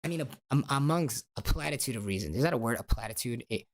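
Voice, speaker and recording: A man hosting a meditative monologue podcast, swinging between whispers and loud lines. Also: mid-range voice, animated, quick pace, no room sound, clean studio sound. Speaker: podcast host.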